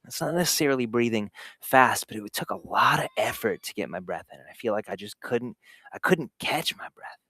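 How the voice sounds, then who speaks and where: Guy hosting a live stream, low voice, dry close sound, just telling his own story straight, laughs a lot. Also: a little fast, few pauses, pushed and bright, dry recording. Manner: candid, self-deprecating, laughs often; recounts sensations in vivid detail. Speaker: host of a live show for dads. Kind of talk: personal storytelling to a live audience. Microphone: camera setup in a home recording space.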